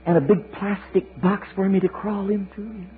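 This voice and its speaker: A man voicing a whiny, frightened young male eaglet, pleading in a high childlike wail on an old sermon tape. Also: fairly even intonation, normal speed, lightly acted. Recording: tinny lo-fi sermon tape with hiss.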